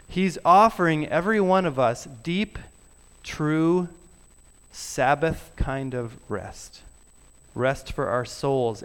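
A man preaching a sermon in a church, earnest, dropping his voice softly on key words. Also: fairly high pitch, clean tone. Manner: earnest, drops to soft emphasis on key words. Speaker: pastor. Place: church sanctuary.

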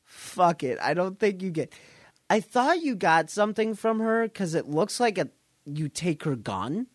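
A man's voice: sits high, a little slow, no room sound. Man rambling through a game story, dry sound. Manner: rambling and animated, acts out quoted lines, laughs often, swears. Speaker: podcast co-host or guest. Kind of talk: casual chat, retelling a video game scene.

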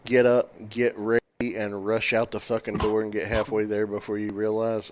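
A man's voice: on the low side, monotone, moderate pace, hardly any pauses. A man joining a casual chat among friends with short, swearing interjections. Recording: clear background noise with clicks.

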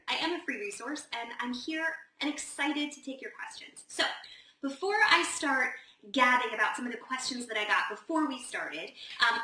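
A woman's voice: high-pitched, pushed and bright, recorded from a distance. A woman hosting a casual live Q&A, chatty and gushing, with lots of "like" fillers. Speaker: host of a live advice session. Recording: roomy echo, set back from the mic, faint noise.

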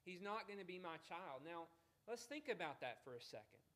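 A man's voice: high voice, sing-song, brisk, fairly bright tone. Chatty man preaching a sermon. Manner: chatty, asks listeners direct questions. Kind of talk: conversational sermon.

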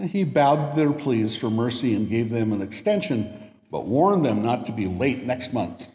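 A man's voice: mid-range voice, expressive, a little slow, a little mellow. A man preaches a sermon in a church, reading a long illustration story and voicing its quotes with a lift. His medium voice rings through a large room, with a reverb tail hanging after each phrase. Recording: echoey hall with long reverb.

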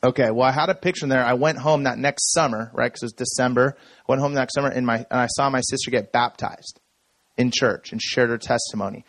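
A man's voice: mid-range voice, fairly even intonation, fairly quick, a bit bright, no echo. Storytelling man, dry close sound. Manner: conversational storytelling, checks in with "okay?". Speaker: speaker. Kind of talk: conference talk.

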